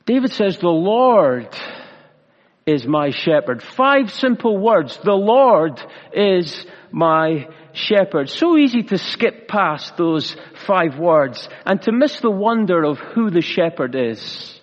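Man preaching a slow sermon in a hall. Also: high voice, big pitch swings. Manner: measured preaching with slow emphatic pauses and gentle humor. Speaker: pastor. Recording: reverberant hall, dull lo-fi sound.

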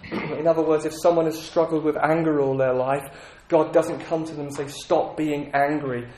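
Man, earnest preacher, slightly high voice, roomy echo. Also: little pitch movement, moderate pace, dark tone. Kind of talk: sermon.

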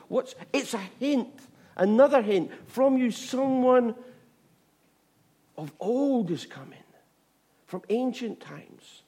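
A man preaching an informal sermon, chatty with repeated asides, swinging from bright emphasis to hushed tones. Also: very high-pitched, expressive, takes it slowly, pauses often, breathy edge. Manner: chatty, with frequent "you know what I mean" and restarts.

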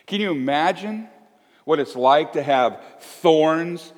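Animated pastor in his fifties. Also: on the high side, takes it slowly, big-room sound. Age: 50s. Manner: conversational, swings from loud to hushed. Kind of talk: sermon. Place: church.

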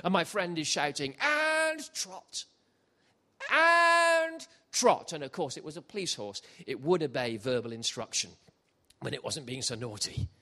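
A middle-aged man preaching a sermon, jokey and animated, shifting from quiet asides to loud shouts. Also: mid-range voice, brisk. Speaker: pastor. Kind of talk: sermon with comic storytelling. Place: church hall with congregation.

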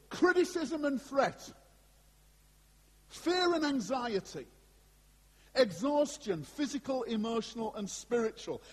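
Husky-voiced male pastor in a hall. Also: very high voice. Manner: animated and conversational, with asides to the congregation. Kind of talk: sermon. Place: church before a congregation. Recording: long hall reverb.

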